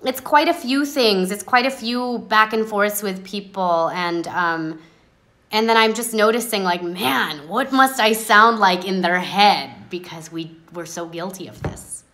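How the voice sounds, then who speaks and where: A woman's voice: medium pitch, measured pace, a bit bright. A woman hosting a casual chat, talking with passion that she says people mistake for anger. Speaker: host.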